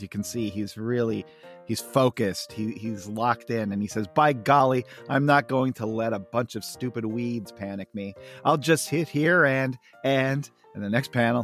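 A man casually discussing comic strips on a podcast, enthusiastic and quick to laugh. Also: mid-range voice. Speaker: podcast co-host. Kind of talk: casual chat about comics.

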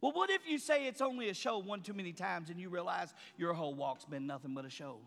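A man preaching a sermon as pastor, swinging from quiet murmurs to loud, high shouting in a dramatic, colloquial preaching style. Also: lively intonation, quick pace, creaky, long reverb tail.

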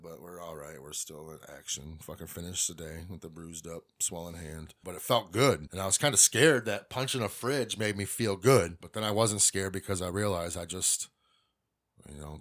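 A middle-aged man with a fairly low voice talks alone into a podcast mic. He rambles and swears freely as he confesses things, in a loose, casual way. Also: fairly bright tone. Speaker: podcast host. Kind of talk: casual monologue.

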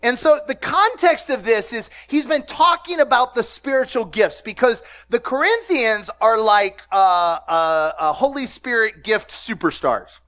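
Unhurried yet pausing little, a pastor with a very high voice preaches with lively humor. He asks his congregation questions and frequently bursts into laughter and loud exclamations.

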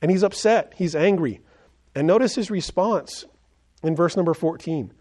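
A pastor delivers a sermon in a somewhat high voice for a man. He speaks earnestly, often turning to his listeners with questions. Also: normal speed, dark tone. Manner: earnest, asks the congregation questions.

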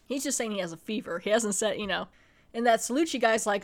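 A chatty woman with a fairly high voice recaps a TV episode on her podcast. She laughs often and bursts into quick impressions of the characters. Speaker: podcast host reviewing a TV episode.

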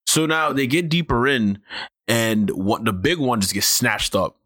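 A man's voice: medium pitch, measured pace, a bit bright. A man swapping stories in easy casual chat. His speech is slangy and peppered with profanity. The sound is close and dry, with no room echo.

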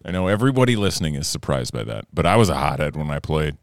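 A young man co-hosting a podcast, chatting casually and telling stories, animated and swearing freely, shouting when he acts out his anger. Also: extremely low pitch, quick pace. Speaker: podcast co-host. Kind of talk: casual chat, storytelling.

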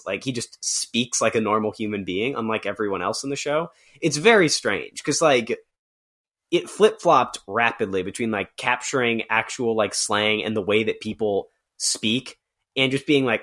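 A man's voice: lowish voice, normal speed, fairly bright tone. A young man co-hosting a podcast, chatting casually with a sarcastic edge, laughing often and mimicking voices. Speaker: podcast co-host. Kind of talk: casual chat.

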